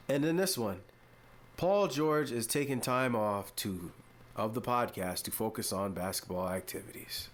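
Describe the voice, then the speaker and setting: Man hosting a casual sports podcast. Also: mid-range voice. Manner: drawn-out, mock-exasperated, playful emphasis. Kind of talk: casual opinion commentary.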